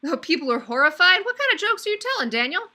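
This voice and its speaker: A woman's voice: extremely high pitch, very animated, fast talker, bright, forceful tone. Upbeat woman teaching an online class. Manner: upbeat, chatty, addresses students by name. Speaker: online course instructor. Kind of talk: live online class lecture.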